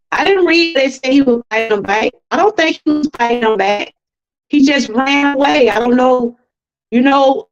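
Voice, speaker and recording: A woman's voice: sits high, normal speed, soft background music. A woman from Georgia, hosting a livestream and talking to viewers in an impassioned, preachy way. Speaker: livestream host. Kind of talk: emotional livestream talk. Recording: dull lo-fi livestream audio.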